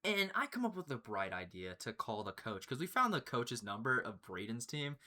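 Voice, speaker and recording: A young man telling a story in casual chat, excitable and profane, often breaking into laughter. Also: medium pitch, moderate pace. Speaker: storyteller, channel host.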